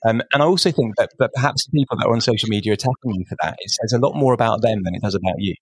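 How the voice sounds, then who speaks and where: A man's voice: on the low side, very fast, husky, no echo. A man interviewing a guest, talking in an earnest, thoughtful way with frequent fillers. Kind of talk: conversational interview.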